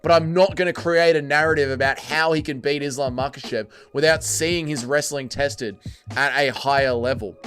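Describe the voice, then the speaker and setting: A man's voice: a little high, sharp tone. A man hosting a livestream, reading chat aloud and joking crudely. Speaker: livestream host.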